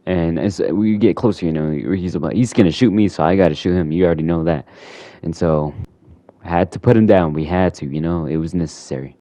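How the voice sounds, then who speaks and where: A man's voice: low-pitched, fairly quick, mellow, no room sound. A man who hosts a gaming channel, rambling casually through a recap of a game and filling his talk with "you know" and "like".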